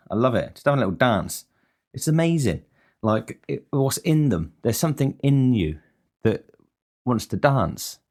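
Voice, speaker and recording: A man's voice: medium pitch, darkish tone. A man talking alone in a casual monologue as a podcast host, rambling and frank and swearing often.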